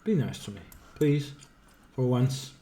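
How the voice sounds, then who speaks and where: A man's voice: medium pitch, lively intonation, a little slow, dark tone. A man streaming a video game, thinking aloud and swearing freely in casual commentary.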